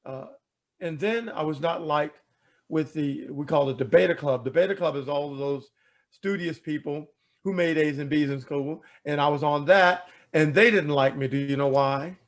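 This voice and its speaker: A man telling a personal story in an animated way, asking rhetorical questions and repeating words as he talks. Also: a little high, moderate pace. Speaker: speaker telling a life story. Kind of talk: storytelling talk.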